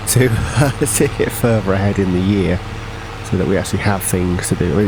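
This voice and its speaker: Male gamer, casual rambling commentary, lowish voice, faint background noise. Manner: chatty, rambling, self-correcting. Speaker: gaming channel host. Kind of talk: casual farming game commentary.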